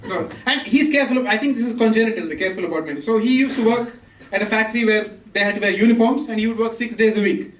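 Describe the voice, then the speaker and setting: A man from India performing a stand-up comedy set, with brisk delivery and quick asides to the audience. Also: high voice, fairly bright tone, a little hiss or hum. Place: comedy club stage with laughing audience. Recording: roomy, distant, with crowd laughter.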